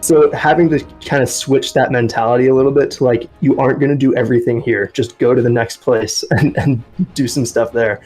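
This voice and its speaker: A male co-host with a mid-pitched, ordinary voice, musing aloud with lots of ums and restarts. Faint music sits behind him. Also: fairly even intonation, fairly quick, hardly any pauses, a little mellow, rough recording. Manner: thoughtful, rambling with many ums. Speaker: podcast co-host. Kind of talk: casual podcast chat.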